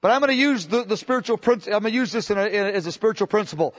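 A man's voice: high voice, expressive, rapid-fire. A man preaching a sermon with passion, often restarting his sentences and acting out quotes from scripture. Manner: impassioned, with many restarts and acted-out quotes. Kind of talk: sermon teaching. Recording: dull lo-fi sermon recording.

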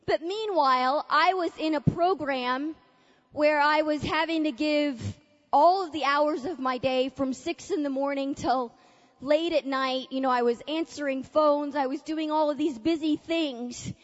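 Woman giving an animated testimony at a conference, high voice, dull lo-fi sound, big reverby hall. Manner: animated storytelling, acting out her own past thoughts. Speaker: conference speaker. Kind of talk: testimony-style talk to a conference audience.

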